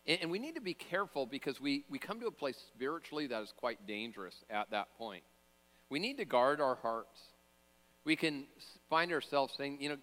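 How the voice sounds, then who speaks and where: A man's voice: mid-range voice, big pitch swings, moderate pace, fairly bright tone, in a large hall. A man preaching a sermon as pastor, conversational, with joking asides and frequent fillers and restarts.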